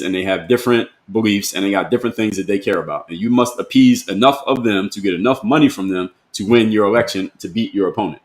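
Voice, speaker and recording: A man's voice: fairly low pitch, reverberant. A man giving a blunt, emphatic monologue to camera as a motivational speaker, in casual slangy talk.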